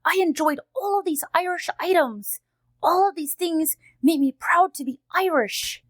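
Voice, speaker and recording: A woman's voice: extremely high pitch, measured pace, dry recording. A woman playing a sweet, chatty cartoonish dog host. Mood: cheerful. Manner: sweet, chatty, teacherly, easily delighted. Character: cheerful friendly female dog host. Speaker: host of a kids' unboxing video. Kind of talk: kids' educational unboxing narration.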